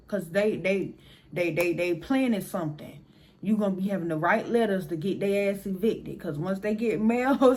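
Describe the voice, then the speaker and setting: A young woman telling a casual storytime, animated, blunt and profane, talking straight to her viewers. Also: medium pitch. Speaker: storyteller vlogger.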